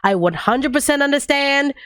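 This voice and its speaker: A woman streamer giving casual, foul-mouthed commentary while playing a game, animated and arguing with the characters. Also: sits high, moderate pace, dry recording, studio quality. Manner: animated, profane, argues with the characters.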